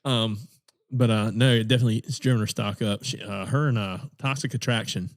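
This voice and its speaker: Guy with a lowish voice rambling on a podcast, lots of ums and restarts. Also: steady tone, brisk. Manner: rambling, many fillers and restarts, laughs often. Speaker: podcast co-host. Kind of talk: casual chat.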